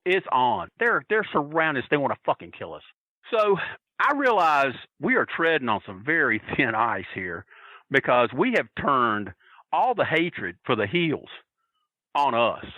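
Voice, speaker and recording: A man, a podcast guest, telling a story in an excitable, profane way and acting out what people said. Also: mid-range voice, dry recording, phone-quality sound. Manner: profane, excitable, acts out quotes. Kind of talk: animated storytelling.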